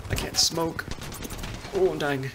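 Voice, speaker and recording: A man giving excitable, panicky live commentary on his own gameplay, muttering to himself between outbursts. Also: fairly high pitch, takes it slowly, noisy background. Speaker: gameplay streamer. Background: loud gunfire from the game.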